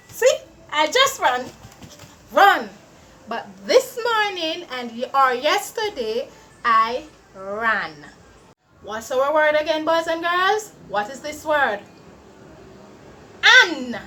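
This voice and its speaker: Animated woman teaching phonics to kids. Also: high-pitched, slight background noise. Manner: slow, drawn-out sounding out of letters. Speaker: early-reading teacher. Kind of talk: children's phonics lesson.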